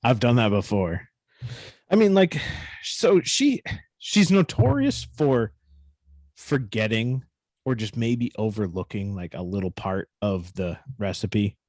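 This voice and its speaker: A man's voice: fairly low pitch, sing-song, slow, a little mellow, dry recording. A man co-hosting a podcast, telling a story in casual, profane chat with a New England accent. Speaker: podcast co-host.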